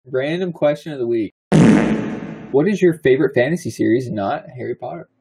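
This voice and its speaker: Husky, lively-voiced joking man. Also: mid-range voice, a little fast, low-quality recording. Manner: jokey, playful banter. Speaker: podcast co-host. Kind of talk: casual comedic podcast chat.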